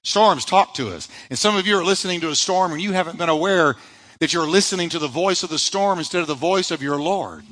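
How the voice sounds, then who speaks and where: A man's voice: a little high, a little fast, fairly bright tone, in a large hall, poor audio. A male pastor preaching a sermon, emphatic, asking rhetorical questions and answering them himself.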